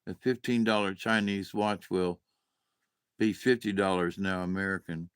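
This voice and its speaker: A man's voice: low-pitched, fairly even intonation, moderate pace, smooth, no echo. A man talking in a rambling, casual monologue to his camera, losing his train of thought, chuckling and swearing offhandedly. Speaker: vlogger.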